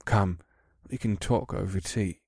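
A man's voice: sits low, unhurried, husky, no room sound, clean studio sound, heavily acted. A man doing a foppish, effeminate horned rogue. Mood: dismissive. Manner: effeminate, dismissive, soft-spoken. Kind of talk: audiobook character voice.

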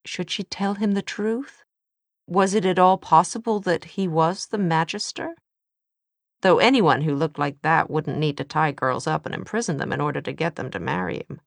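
A woman narrating a novel in an even, measured storytelling manner. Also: deep voice, vocal fry, no echo, studio quality. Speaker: audiobook narrator.

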